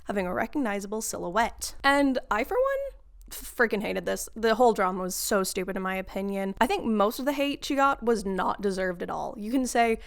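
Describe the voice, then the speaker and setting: A woman's voice: mid-range voice, lively intonation, a little fast, gravelly. A woman vlogger giving a casual, sarcastic rant to her viewers and laughing often. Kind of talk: casual ranting monologue.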